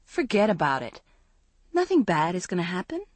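A woman reading aloud, voicing a joking teenage boy in a lower, softer voice. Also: wildly swooping pitch, normal speed, slightly rough, no echo, exaggerated voice. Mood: reassuring.

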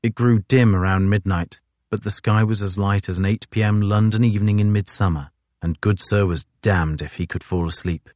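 A man reading a novel aloud as an audiobook narrator, in a measured, even storytelling delivery. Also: fairly low pitch, dry recording.

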